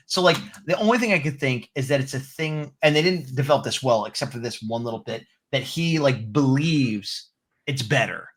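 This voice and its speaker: A man's voice: medium pitch, brisk, breathy edge. A man co-hosting a podcast, chatting casually as he reviews a show and acting out little snippets of its dialogue. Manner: chatty, animated, acts out short quotes. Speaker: podcast co-host.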